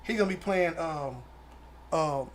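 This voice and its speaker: A man co-hosting a podcast in casual group chat, animated and stumbling over restarts. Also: fairly high pitch, a little slow. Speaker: podcast co-host.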